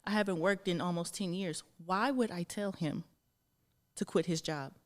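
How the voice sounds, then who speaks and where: A woman's voice: lowish voice, moderate pace. A woman in her thirties co-hosting a podcast, talking frankly and with exasperation, swearing freely. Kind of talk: casual chat.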